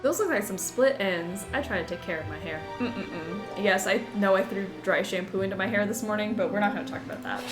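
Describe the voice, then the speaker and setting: A woman's voice: medium pitch, brisk, few pauses, roomy sound, music in the background. A woman streamer chatting with her live chat while playing a game, bubbly, giggly and emotional.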